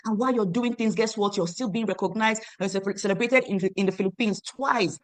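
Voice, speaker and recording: A woman in her thirties from Nigeria, hosting an online meeting and giving an emphatic, repetitive sales pitch that urges listeners to act now. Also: fairly quick, no room sound. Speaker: online meeting host selling a program. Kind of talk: motivational sales pitch on a video call. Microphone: video call.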